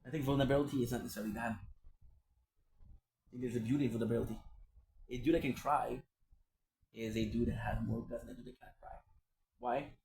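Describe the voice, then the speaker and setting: A man's voice: medium pitch, steady tone, a little fast, creaky, pauses often, a little mellow, low-quality recording. A man streaming and chatting casually, rambling and repeating himself with plenty of swearing. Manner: swears freely, rambling and repetitive.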